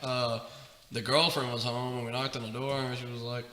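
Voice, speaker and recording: A man's voice: medium pitch, level tone, brisk, bright, forceful tone. Laid-back swearing young man, roomy. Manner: rambling, laughing, swearing freely. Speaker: podcast co-host. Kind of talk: casual storytelling chat. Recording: roomy reverb with faint noise.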